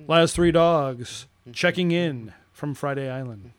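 A man's voice: on the high side, slow pace, smooth. A man co-hosting a casual podcast, reading out listener scores in a sing-song way. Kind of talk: casual chat.

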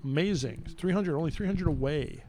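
A man's voice: fairly high pitch, animated, a crowd in the background. A man hosting a podcast, chatting casually and announcing listener milestones with emphasis. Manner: upbeat, emphatic announcing with drawn-out numbers. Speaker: podcast host.

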